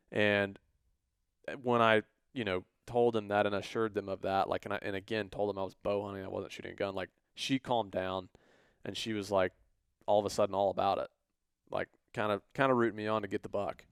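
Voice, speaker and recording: A podcast co-host with a voice on the low side tells a story casually and briskly, in a clear, resonant tone. He's animated, acting out the people he quotes, and the sound is clean studio audio with no room sound.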